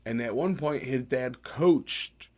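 A man's voice: mid-range voice, takes it slowly, a little mellow. A young man co-hosting a podcast, chatting casually, swearing often and cutting himself off. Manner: swears a lot, interrupts himself. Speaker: podcast co-host.

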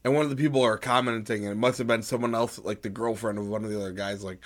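A man's voice: lowish voice, steady tone, rapid-fire. A young man co-hosting a podcast, chatting casually, swearing often and cutting himself off. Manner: swears a lot, interrupts himself. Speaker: podcast co-host.

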